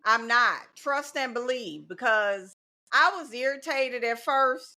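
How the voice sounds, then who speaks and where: A middle-aged woman talks in a relaxed podcast chat. Her voice is bright and sits a little high. She speaks with emphasis and comes back to the same phrases to drive her points home. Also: takes it slowly. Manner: emphatic, repeats key phrases. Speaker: teacher and guest. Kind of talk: casual podcast conversation.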